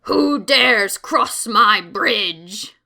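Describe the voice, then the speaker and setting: A woman voicing a greedy male troll under a bridge in a children's storybook, speaking slowly and loudly. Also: mid-range voice, lively intonation, gravelly, full character voice. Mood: menacing. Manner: slow, loud and menacing.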